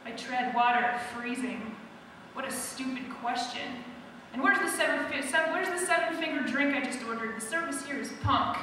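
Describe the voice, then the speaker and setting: A woman's voice: sits high, moderate pace, bright, forceful tone, slight background noise. A woman author at a live event, chatting to introduce her novel, then reading a first-person scene aloud. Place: opera centre hall, live event. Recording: echoey hall from far off.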